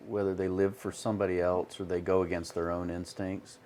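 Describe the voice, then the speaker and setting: Low-voiced man chatting, slightly off-mic. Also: little pitch movement, a little fast, a little mellow, recorded from a distance, a little hiss or hum, poor audio. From Arkansas. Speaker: actor, podcast guest. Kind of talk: casual chat.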